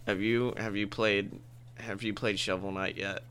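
A deadpan, mopey young gamer, as a man puts him on for a comedy podcast, with a voice dropped low and quiet. He mumbles in a flat, low-energy way, and the tone keeps a bright edge. The bit is played straight rather than as a cartoon. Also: unhurried, slight background noise.

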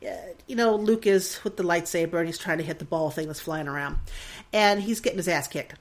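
A woman's voice: lowish voice, brisk. A woman in her forties hosting a podcast, talking in an earnest, reflective monologue that rambles with restarts and wavers with emotion. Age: 40s. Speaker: podcast host.

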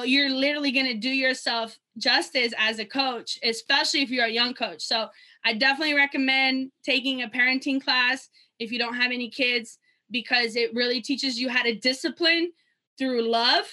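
A woman coach talking casually about coaching and parenting, with lots of fillers and a voice that drops off at the end of a point. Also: high voice. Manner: chatty, many fillers, drops softer at ends of points. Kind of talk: casual podcast chat.

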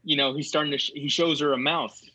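A man co-hosting a casual podcast recap, telling each scene like a lively story. His voice is bright and pushed forward. The sound is dry and close, with little room in it. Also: on the high side, fast, breathy edge, no room sound, poor audio. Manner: animated storyteller who acts out quotes and laughs often. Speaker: podcast co-host.

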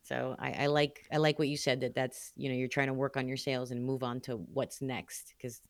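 Relaxed woman co-host, dry sound. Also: very deep voice, a little fast, no room sound. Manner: relaxed, filler-heavy, encouraging. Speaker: podcast co-host. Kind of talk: casual interview hosting.

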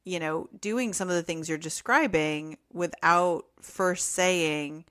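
A woman's voice: on the low side, slow pace, a bit bright. A woman co-hosting a podcast, chatty and loose, often acting out what other people might say. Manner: chatty, acts out quoted voices, laughs often. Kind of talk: casual podcast discussion.

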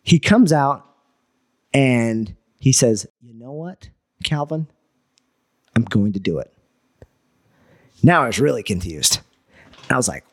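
A man's voice: medium pitch, unhurried, pauses often. A man, a guest entrepreneur, telling a story in casual talk, swearing and acting out what people said. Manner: animated, swearing, acts out quoted dialogue.

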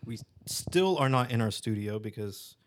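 A man hosting a casual podcast from his living room, laid-back and quick to laugh. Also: medium pitch, animated, slight background noise. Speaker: podcast host. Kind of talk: casual chat.

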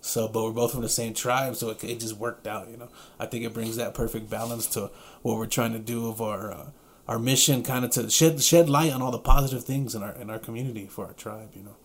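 A man's voice: medium pitch, fairly even intonation, a little fast. A man co-hosting a casual podcast, speaking in an easygoing, hesitant way. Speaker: podcast co-host. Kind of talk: casual chat.

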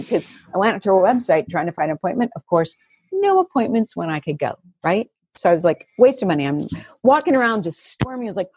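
A woman's voice: medium pitch, big pitch swings, quick pace, darkish tone, breathy edge, no room sound, clean studio sound. A woman guest on a casual podcast, telling stories animatedly, laughing often and acting out her own thoughts. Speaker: guest coach.

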